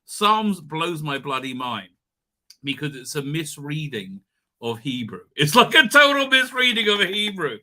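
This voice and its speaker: A man's voice: on the high side, sing-song, unhurried, bright, forceful tone. A man hosting a live online show, chatting casually and rambling with many fillers, restarts and laughs. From Israel. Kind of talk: casual live-stream chat.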